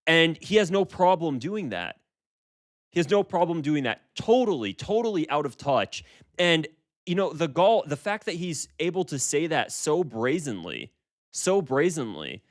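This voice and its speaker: A man's voice: on the high side, sing-song, unhurried. A man in his twenties giving casual political commentary, emphatic and repeating himself with frequent restarts. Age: 20s.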